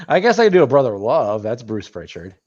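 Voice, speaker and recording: A man's voice: medium pitch, big pitch swings, normal speed, a little mellow, husky. A man co-hosting a casual podcast and teasing the others with joking questions. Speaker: podcast co-host. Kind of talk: casual chat. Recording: dull lo-fi audio.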